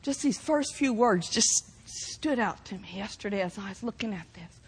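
A woman preaching a fervent sermon, shouting proclamations and exclaiming hallelujah. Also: mid-range voice, animated, normal speed, husky, long reverb tail.

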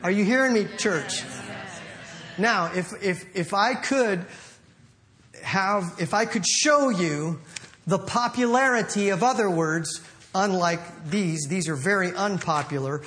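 A man preaching a sermon in an animated, playful way, acting out little quotes as he goes. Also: high voice, slow pace. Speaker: pastor.

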